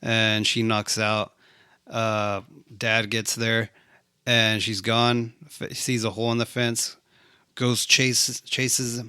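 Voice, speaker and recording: A man's voice: mid-range voice, sharp tone, clean tone, no room sound, clean studio sound. A man co-hosting a casual movie recap chat, swearing freely and acting out the characters' lines. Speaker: podcast co-host.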